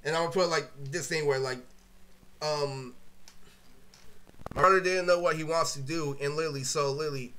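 A young man with a high, piercingly bright voice rants through a casual vlog. He rambles and swears constantly and leans on filler words. His storytelling is animated and loose. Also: fairly quick, pauses often. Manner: animated, breaks into laughter and quoted impressions. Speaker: vlogger. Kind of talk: casual profane storytelling rant.

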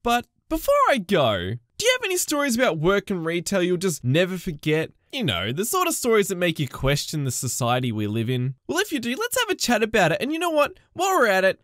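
Animated, sarcastic Australian woman narrator. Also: fairly quick, hardly any pauses, no echo, clean studio sound. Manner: exaggerated, sarcastic, highly expressive. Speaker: retail worker narrating stories. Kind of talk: animated story-time narration.

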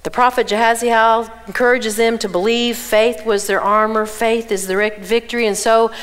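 Southern lady preaching to a room of women, higher voice, lively, keeps asking them questions. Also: moderate pace. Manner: animated, asks the audience questions. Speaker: women's conference speaker. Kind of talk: Bible teaching to a women's conference. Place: church auditorium.

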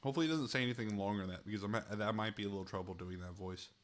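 A man's voice: on the low side, very fast. A man streaming a chat game, commenting casually, laughing often and swearing freely, and sounding short on sleep.

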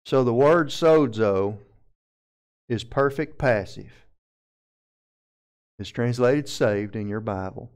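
A man's voice: mid-range voice, takes it slowly, long pauses, smooth. Man teaching Greek grammar from the pulpit. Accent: Southern American. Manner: methodical, explains Greek grammar term by term. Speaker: pastor. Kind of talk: verse-by-verse Bible teaching.

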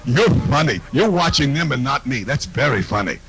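Brash, lively stand-up comic, man. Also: medium pitch, normal speed, hardly any pauses, a little hiss or hum, low-quality recording. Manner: brash, mocking, confiding asides to the crowd. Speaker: stand-up comedian. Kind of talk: live stand-up routine. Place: comedy stage.

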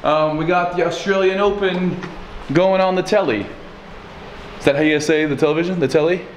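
A man's voice: on the high side, steady tone, normal speed. Laid-back man vlogging. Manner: laid-back, slangy, rambling. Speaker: fitness vlogger. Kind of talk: casual vlog tour. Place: house tour, indoors and out. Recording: echoey room, faint background noise.

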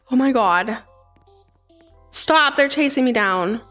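A woman streaming a game live, chatting with viewers in a bubbly, excitable way and breaking into sudden squeals. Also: sits high, takes it slowly, long pauses. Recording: faint game music behind.

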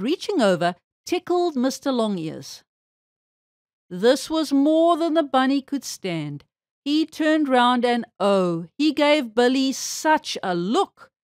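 High, lively woman reading a children's story. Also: no echo, clean studio sound. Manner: expressive, animated storytelling. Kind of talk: children's story read-aloud.

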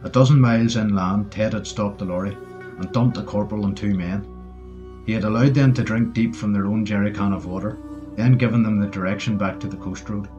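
A man narrating a war story audiobook in a steady storytelling manner. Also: fairly low pitch, a little fast. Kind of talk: scripted narration. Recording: dull lo-fi audio with faint music.

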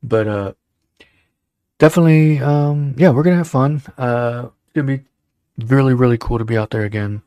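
A man's voice: medium pitch, moderate pace, warm tone, no echo. A man hosting a casual livestream show, rambling and joking with lots of fillers. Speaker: show host.

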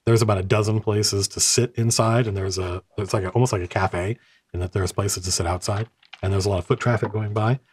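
A man's voice: fairly low pitch, steady tone, a little fast, husky. A middle-aged man narrating a tabletop game as game master, talking in a casual, rambling way with many restarts.

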